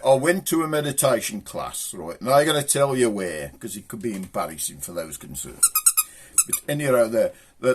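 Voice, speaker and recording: An older man rambling through jokes and stories in a chatty, self-amused way. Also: mid-range voice. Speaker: joke teller. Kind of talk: casual storytelling monologue.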